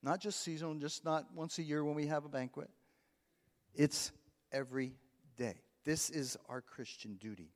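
Pastor guy preaching, call and response, bit higher voice, big echoey church. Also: normal speed. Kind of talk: sermon. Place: church sanctuary. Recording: long hall reverb.

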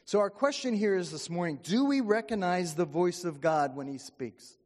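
A man's voice: sits high, animated, moderate pace. A man preaching a sermon as pastor, in a folksy, conversational way, often checking in with the congregation. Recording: long hall reverb.

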